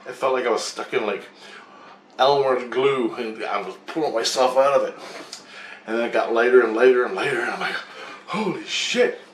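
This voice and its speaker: A man's voice: mid-range voice, a little fast. Man rambling through a dream, distant and echoey. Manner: profane, repetitive, re-enacts others' words in raised voices. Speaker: storyteller recounting a dream. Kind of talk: rambling casual monologue. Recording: roomy echo, distant mic, faint hiss.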